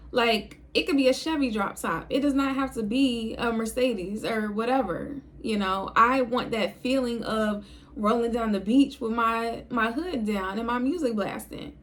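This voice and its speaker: A young video creator talks casually to the camera in a low, calm, unhurried voice. Her manner is chill and reflective as she addresses her viewers.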